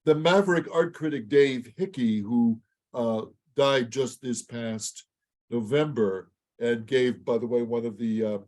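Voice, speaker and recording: Raspy, congested male lecturer. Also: medium pitch, a little mellow. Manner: measured, reads quotations aloud. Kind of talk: prepared public lecture.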